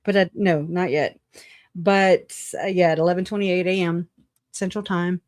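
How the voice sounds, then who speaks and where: A woman's voice: on the low side, steady tone, moderate pace, darkish tone, no echo, clean studio sound. A woman hosting a casual livestream, talking bluntly with swearing and frequent laughter between remarks. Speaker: livestream host.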